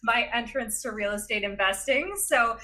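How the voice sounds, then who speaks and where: Woman guest on a podcast, chatty n animated, kinda high voice. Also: normal speed, slight background noise. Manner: animated, chatty, frequent laughs and fillers. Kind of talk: casual storytelling in a chat.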